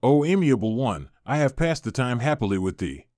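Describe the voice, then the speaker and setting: A man's voice: mid-range voice, big pitch swings, normal speed, mellow, dry recording, natural voice. Proud angry sage, as a man reads him, stern and formal, dry audiobook sound. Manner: stern, formal archaic speech.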